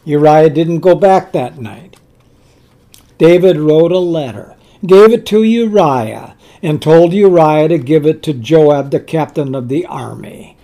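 A man preaching a sermon, telling scripture stories slowly and emphatically, often repeating his words. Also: a little high, warm tone. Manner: earnest storytelling, slow and emphatic, with repeated words.

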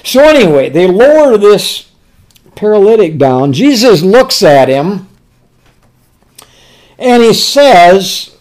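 Preaching a sermon, a man with a high voice speaks in a very lively, rising-and-falling way, posing rhetorical questions he then answers. Tender words come slow, soft, and quiet.

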